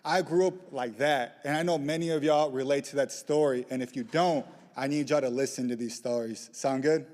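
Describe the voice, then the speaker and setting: A young man giving a lively lightning talk, joking with the audience and pushing them into call-and-response. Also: mid-range voice, moderate pace, few pauses. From southeast side of Chicago. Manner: playful, rallying crowd call-and-response. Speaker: community organizer speaker. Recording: reverberant hall, live talk.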